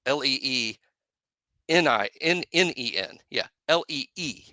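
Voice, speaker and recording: A man co-hosting a casual sports podcast, playful and self-mocking, slowly spelling out names. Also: medium pitch, lively intonation, bright, forceful tone, dry recording. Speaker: podcast co-host.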